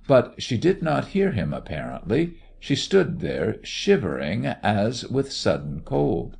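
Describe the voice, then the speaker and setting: A man narrating a story in a measured, expressive reading voice. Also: lowish voice, gravelly, slightly rough. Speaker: audiobook narrator.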